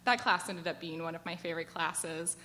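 A woman from the United States in her twenties tells a personal story to a live audience. Her voice is bright and forward, and her delivery is chatty and animated, full of "like" fillers. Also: on the low side, a little fast. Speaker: storyteller at a work event.

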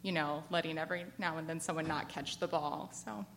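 An American woman in her twenties telling a personal story to a live audience, chatty and animated, with lots of "like" fillers. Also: sits low, brisk, gravelly, very noisy. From United States. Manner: chatty and animated, frequent "like" fillers, laughs as she tells it. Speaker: storyteller at a work event.

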